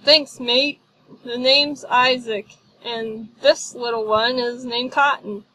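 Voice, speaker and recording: A woman's voice: fairly high pitch, steady tone, takes it slowly, bright, forceful tone, a little hiss or hum, low-quality recording. A woman voicing a scruffy, friendly castaway man with a British accent who chats in British slang. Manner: chatty, using British slang.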